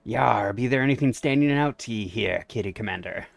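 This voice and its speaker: A man's voice: lowish voice, brisk, creaky, no echo, pitched below the performer's own voice. A man playing a game voices a swaggering male captain in a hammy, put-on pirate drawl. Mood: playful.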